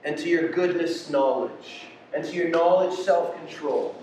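A man's voice: on the high side, a little slow, a little hiss or hum. Passionate male preacher, echoey and distant. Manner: passionate, swings from quiet to loud. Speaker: pastor. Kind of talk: sermon. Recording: echoey room from far off.

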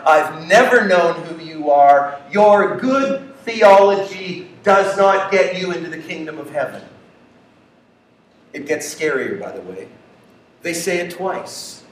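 A man preaching a sermon who swings between loud, excited passages and hushed, quiet ones. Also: high-pitched. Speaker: pastor. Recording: echoey room, speaker far from mic.

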